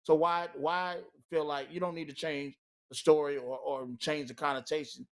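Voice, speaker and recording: A man's voice: a little high, level tone, moderate pace. A man on a talk-show panel, speaking with anger and emphasis and leaning on many "you know" fillers. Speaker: co-host. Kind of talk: heated panel discussion.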